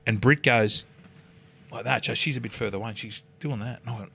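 A middle-aged Australian man, a former rugby league player, telling a story on a podcast in a lively, sweary way, acting out the voices of the people in it. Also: mid-range voice, fast talker, vocal fry, slight background noise. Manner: animated, swears often, acts out quoted voices. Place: podcast studio.

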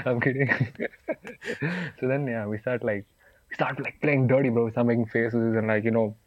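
A man's voice: medium pitch, moderate pace. A young man from India co-hosting a podcast, chatting casually with friends and laughing a lot as he teases them. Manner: laughs often, slangy and teasing. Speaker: podcast co-host. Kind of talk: casual chat among friends. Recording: dull dry lo-fi sound.

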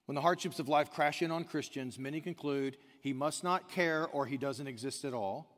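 A man with a fairly high voice preaches a sermon, his words trailing off in the long reverb of a large hall. He drops to quiet asides, then climbs to near-shouted emphasis. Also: moderate pace. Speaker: pastor.

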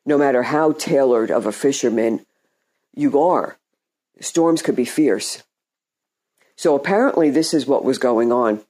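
Guy preaching a laid back sermon, slow and mellow, keeps stumbling and repeating himself. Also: mid-range voice. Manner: halting and conversational, often repeating words and restarting phrases. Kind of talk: informal sermon.

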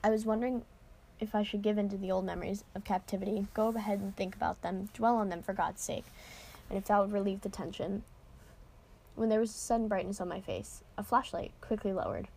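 Casual woman reader, mid-pitched, breaks off for offhand asides, informal novel read-aloud. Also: brisk, vocal fry, warm tone. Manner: casual asides, occasional cursing and restarts.

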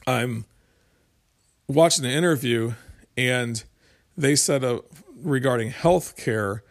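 A man's voice: medium pitch, slow pace. Man rambling through casual commentary. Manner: rambling, with restarts and explanatory examples. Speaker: political commentator. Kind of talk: casual commentary monologue to viewers.

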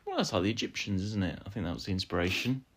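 A man's voice: low voice, animated, very fast, fairly bright tone, breathy edge. A man co-hosting a podcast, reading listener questions and chatting in a dry, understated way. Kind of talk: casual podcast chat.

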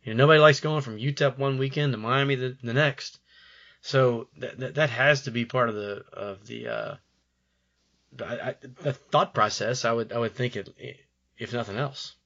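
A man's voice: medium pitch, normal speed, fairly bright tone, lo-fi sound. A man co-hosting a podcast, talking casually about college sports in rambling sentences with frequent stammered restarts. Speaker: podcast co-host.

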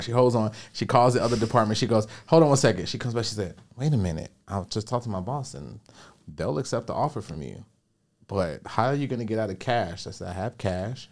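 Low-ish voiced coach dude on a podcast, animated storytelling, does little voices for people he quotes. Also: creaky. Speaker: podcast guest, business coach. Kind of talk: storytelling and motivational advice.

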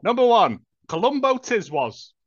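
A man's voice: high voice, sing-song, measured pace, dry recording. Guy hosting a chat, teases a lot, bouncy voice, dull dry lo-fi sound. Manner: teasing, jokey banter. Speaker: podcast co-host. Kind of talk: casual chat.

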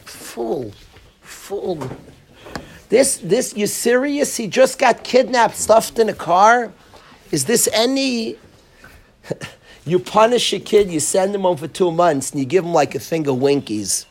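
A man teaching a Torah lesson to a class of boys, animated and sarcastic, calling on students by name. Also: high voice, measured pace.

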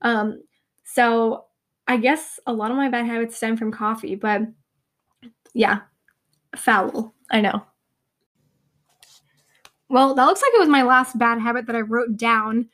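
A young woman talks casually into a close podcast mic, pitched a little high. She rambles and pokes fun at herself, with plenty of fillers. Her voice is slightly hoarse and fading. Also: slow pace, pauses often, a bit bright. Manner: chatty, rambling, self-deprecating, lots of "like" and "um". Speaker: podcast host.

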